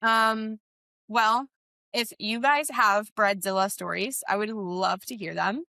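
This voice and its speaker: A woman's voice: medium pitch, a little slow, creaky, pushed and bright, no echo. A young woman hosting a casual podcast as a wedding planner, chatty with lots of "um" and "like". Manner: chatty, many fillers like "um" and "like".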